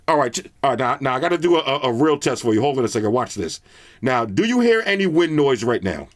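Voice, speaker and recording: Lively, chatty male tech reviewer. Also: mid-range voice, a little fast, dry recording, studio quality. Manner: casual, chatty, speaks directly to viewers with slang. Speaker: product reviewer. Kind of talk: casual tech review vlog.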